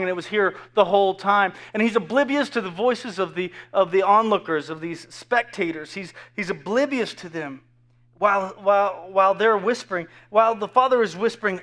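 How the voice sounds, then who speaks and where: A man with a fairly high voice preaches an animated, earnest sermon. He restarts his phrases often and repeats words as his thoughts run ahead. When he quotes a whisper, his voice sinks to a soft hush. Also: moderate pace. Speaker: pastor.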